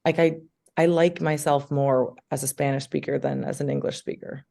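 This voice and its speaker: Female actress guest, mellow gravelly tone, enthusiastic and rambling chat. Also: low-pitched, fairly even intonation, moderate pace. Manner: enthusiastic, chatty, many filler words. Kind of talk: casual interview chat.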